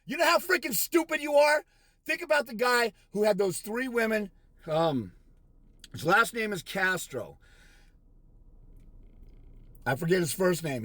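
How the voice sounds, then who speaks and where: A man with a strikingly high voice tears into his audience in a furious, profane rant that keeps breaking into shouts. The sound is close and dry, with no room around it. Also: dry recording. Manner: aggressive, insulting, with shouted bursts; mocking put-on quotes of others. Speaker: fathers' rights consultant. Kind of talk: angry profane rant to camera.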